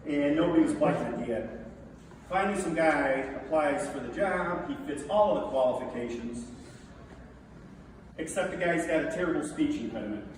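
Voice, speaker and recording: A middle-aged man tells stories about a friend to a gathered crowd, his delivery animated and quick to break into laughter. He sounds like he's some way from the mic, and his voice rings through a large, reverberant hall. A steady background noise sits under the speech. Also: on the high side, recorded from a distance.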